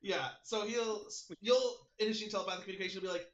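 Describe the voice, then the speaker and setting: A man's voice: sits high, fast, highs cut off. A man running a tabletop game over a video call, laughing often between his rulings. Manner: giggly, animated. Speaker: game master.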